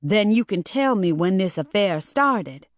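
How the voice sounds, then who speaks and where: A woman's voice: mid-range voice, lively intonation, measured pace, no room sound, clean studio sound, close to an everyday voice. A woman voicing a worried, determined mother who speaks sharply and insistently. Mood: urgent.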